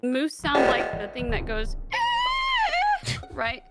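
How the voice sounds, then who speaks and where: A woman's voice: sits high, unhurried. A woman with a Canadian accent, bantering goofily in a casual gaming chat. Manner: goofy, giggly banter. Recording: music playing behind.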